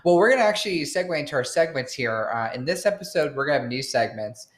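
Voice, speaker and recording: A man's voice: on the high side, expressive, quick pace. A man co-hosting a casual podcast, jokey and playful, laughing often and now and then making goofy noises, talking into a mic on a stand. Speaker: podcast co-host. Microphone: tabletop mic on a stand.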